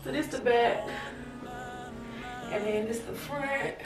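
A woman's voice: on the high side, fairly even intonation, slow pace. Breathless chatty young woman in an echoey room. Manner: chatty, laughing, addresses viewers as y'all. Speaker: fashion vlogger. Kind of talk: casual try-on haul chat. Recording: echoey room, far from mic, faint music.

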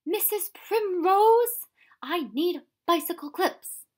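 An exuberant old professor, eccentric and blustering, as a woman reads him aloud. His voice is louder and a little raised, and it has a gravelly fry to it. He sounds like a storybook character. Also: medium pitch, animated, moderate pace. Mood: cheerful.

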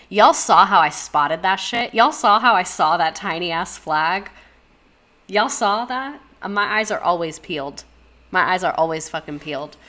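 A young woman hosts a casual livestream, talking straight to her viewers. Her voice sits a little low, and she reacts in bursts of gasps and profanity. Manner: animated, gasping, profane, talks to chat directly. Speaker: livestream host.

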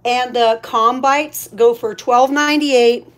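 A woman's voice: fairly high pitch, fairly even intonation, slow pace. A woman hosting a casual live shopping stream. She is chatty, thanks each buyer and stops to coo at her pets.

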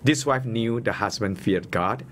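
A man's voice: fairly low pitch, measured pace, fairly bright tone, a little hiss or hum. A man, preaching a sermon as a pastor, repeating each point and stressing key words.

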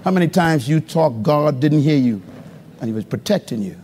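A man preaching a live sermon as pastor to a congregation, calling for responses and swinging between loud high exclamations and low murmurs. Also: animated, normal speed. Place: church hall before a congregation. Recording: live recording with long hall reverb.

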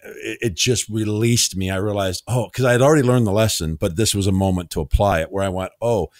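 A man with a deep, low voice hosts a relaxed podcast chat and tells his stories with energy, slipping into the voices of the people he quotes. The sound is dry and close, with no room around it. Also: fast talker, dry recording. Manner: animated storyteller, acts out quoted dialogue, laughs easily. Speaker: podcast host. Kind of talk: conversational interview storytelling.

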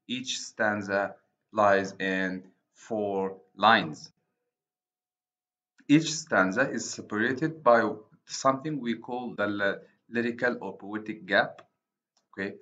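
A man with an Arabic accent, a native Arabic speaker, giving a university literature lecture, deliberate and repeating and rephrasing his points. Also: fairly low pitch, a bit bright. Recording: dull lo-fi recording.

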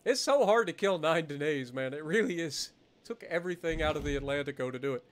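A man streaming live gameplay commentary, swearing a lot and breaking into excitable laughter. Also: on the high side, a little fast.

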